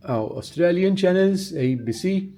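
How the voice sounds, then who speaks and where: A man's voice: high voice, unhurried. Chatty Maltese man touring a hotel room. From Malta. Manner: chatty, relaxed, thinks aloud with fillers. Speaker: travel vlogger. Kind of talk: casual vlog room tour.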